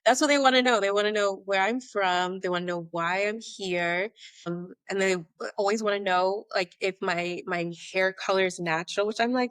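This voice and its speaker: A woman's voice: medium pitch, normal speed, clean tone, dry recording. A woman in her late thirties from Atlanta, a podcast guest telling stories in a casual interview and acting out the voices of people she quotes. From Atlanta, United States. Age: late 30s. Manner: animated storyteller who acts out quoted dialogue. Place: abroad in Spain.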